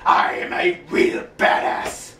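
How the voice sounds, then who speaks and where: A man putting on a hissing, raspy space villain. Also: slow pace, bright, forceful tone. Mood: menacing. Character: menacing male space villain, growling. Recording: roomy, distant, faint background noise.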